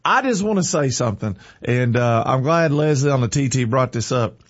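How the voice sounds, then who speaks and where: A man's voice: mid-range voice, animated, normal speed, dry recording, muffled recording. A man speaking emotionally on air, fighting back tears as he talks in a fervent, folksy way. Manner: fervent, tearful, folksy and heartfelt. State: teary-eyed, crying.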